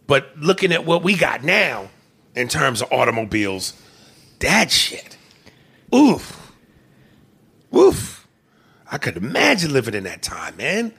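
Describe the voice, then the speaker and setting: A man chatting casually about a movie, animated, with exclamations and big jumps in pitch. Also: breathy edge.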